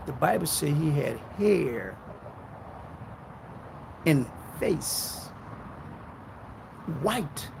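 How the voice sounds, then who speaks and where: A man preaching a sermon in a loud, fiery way, swinging between shouting and low muttering. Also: expressive, very slow, gravelly, pauses often, noisy background. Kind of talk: street-style sermon.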